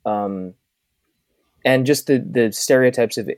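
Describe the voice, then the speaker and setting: A man speaking as a guest in a casual conversation, reflective and halting, often restarting his sentences. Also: medium pitch, darkish tone, dry recording. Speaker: podcast guest, author.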